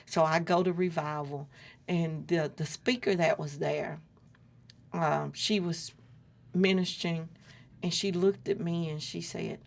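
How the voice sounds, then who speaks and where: Gravelly-voiced woman telling her story. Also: sits low, unhurried. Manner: earnest, lively retelling with quoted dialogue. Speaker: interview guest. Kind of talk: casual personal storytelling.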